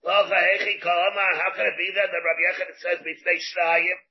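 A man's voice: high voice, little pitch movement, brisk, dull audio, slight background noise. A man teaching a Talmud class, arguing through the text aloud in questions and answers.

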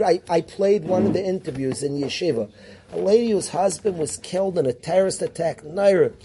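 Man lecturing a classroom, higher voice, mellow tone, animated, calls on students. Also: slightly rough. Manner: mixes Hebrew and Yiddish terms into English. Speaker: yeshiva teacher.

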